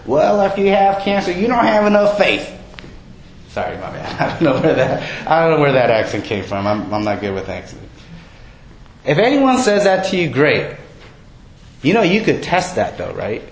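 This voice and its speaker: A man preaching a sermon in a conversational way, often asking his listeners questions. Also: mid-range voice. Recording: roomy with faint background noise.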